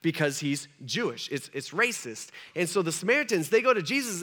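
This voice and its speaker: A male pastor with a high, bright voice delivers a conversational sermon. He talks to the room directly and briefly voices the people in his story. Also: quick pace, hardly any pauses. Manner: animated, conversational, acts out dialogue.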